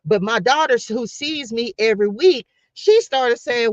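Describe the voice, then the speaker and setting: A woman's voice: on the high side, unhurried, no room sound. A middle-aged woman talks to her live-stream audience in an emphatic, preacher-like way, repeating phrases and calling out to y'all. The sound is dry and close, with a slightly dull, lo-fi tone. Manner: emphatic, repetitive, preacher-like, addresses viewers as y'all. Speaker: faith livestreamer. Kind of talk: casual live-stream talk to viewers.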